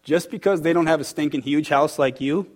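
A man's voice: on the high side, fairly quick. A man teaching a church group in a casual, interactive sermon, quizzing his listeners and growing emphatic and emotional. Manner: conversational and emphatic, quizzing the audience; gets heated and emotional.

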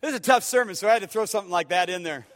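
A man preaching a sermon as pastor, an animated storyteller who swings between hushed asides and loud outbursts. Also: high-pitched, rapid-fire.

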